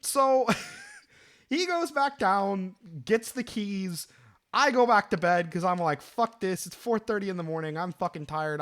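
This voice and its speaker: A young man in his twenties tells a story in a loose, rambling way, swearing freely and piling up fillers. His voice sits a bit high and swoops all over as he gets worked up. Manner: animated, profane, rambling with fillers. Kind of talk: casual storytelling.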